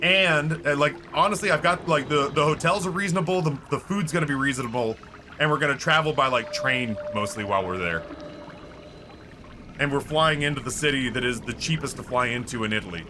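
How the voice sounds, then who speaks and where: A man's voice: mid-range voice, a little fast. A man chatting while he streams a game, rambling and swearing, with filler words throughout. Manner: rambling, profane, heavy use of filler words. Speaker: Twitch streamer. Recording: clear background noise.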